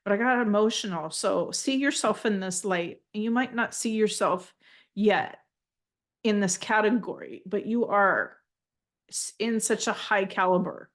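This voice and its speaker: Gentle, emotional woman giving a spiritual reading. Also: measured pace. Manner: speaks in flowing, high, invented-sounding syllables at times. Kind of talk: live intuitive reading.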